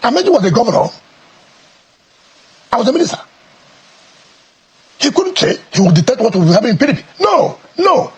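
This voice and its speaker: A Nigerian politician in a heated TV interview, talking forcefully and repeating his points. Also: extremely high pitch, big pitch swings, moderate pace, pauses often, a little hiss or hum. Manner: forceful, emphatic, repeats phrases.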